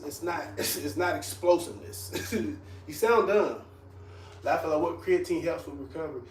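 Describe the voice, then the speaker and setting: A blunt, profane man who trains people, mocking viewers as he reacts to comments, his voice sitting a bit high. He sounds set back from the mic in an echoey room, with a faint hiss underneath. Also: distant mic. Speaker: fitness trainer.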